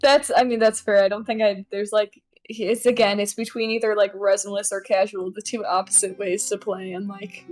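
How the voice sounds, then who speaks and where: A woman's voice: mid-range voice, level tone, moderate pace, hardly any pauses, darkish tone, soft background music. A young woman chatting as a guest about a game in an easygoing way, often trailing off and using lots of fillers. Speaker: guest YouTuber. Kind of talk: casual chat.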